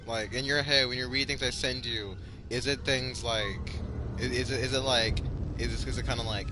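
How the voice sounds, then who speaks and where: A man's voice: mid-range voice, moderate pace, music in the background. A young man hosting a podcast in casual chat, rambling with lots of "like" fillers and swearing. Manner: rambling, heavy use of "like", swearing, laughing often. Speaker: podcast host. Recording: noisy background.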